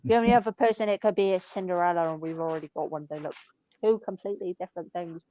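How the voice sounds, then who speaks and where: A woman's voice: on the low side, fast talker, no room sound. Blunt, sweary woman in her twenties. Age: 20s. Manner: blunt, sweary, deadpan storytelling. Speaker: shop worker telling stories. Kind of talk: casual chat. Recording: dull lo-fi dry sound.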